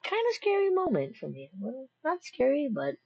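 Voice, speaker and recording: A woman's voice: sits high, wildly swooping pitch, moderate pace, no echo, highs cut off. A woman chatting casually while she reacts to a scary video, rambling and cracking jokes with many restarts. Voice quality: rambling, jokey, self-interrupting.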